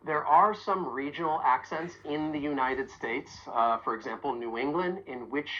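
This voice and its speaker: A woman with a remarkably deep, low voice leads a pronunciation lesson. She speaks clearly and deliberately, leaning on each sound so learners can copy it. The recording sounds a little dull and muffled. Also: fairly bright tone, a little hiss or hum. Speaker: accent coach.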